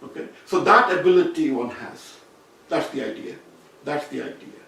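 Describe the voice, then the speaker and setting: A man's voice: mid-range voice, lively intonation, moderate pace, creaky, bright, forceful tone. A man giving an academic seminar talk, explaining ideas and rephrasing his points as he goes. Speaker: seminar speaker. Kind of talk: academic lecture. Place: seminar room. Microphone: distant room mic. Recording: very echoey room from far off.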